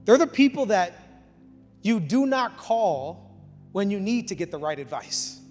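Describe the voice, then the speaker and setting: A man preaching as a campus pastor, passionate, rising to loud emphatic peaks and dropping to quiet, intimate passages. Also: high voice, sing-song, unhurried. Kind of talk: energetic sermon. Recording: reverberant hall with faint music.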